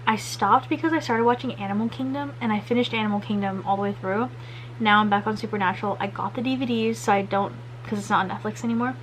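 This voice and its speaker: A woman's voice: mid-range voice, fairly even intonation, fast talker, slight background noise, low-quality recording. A young woman chatting casually through a crochet craft vlog, rambling and upbeat. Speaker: crochet vlogger.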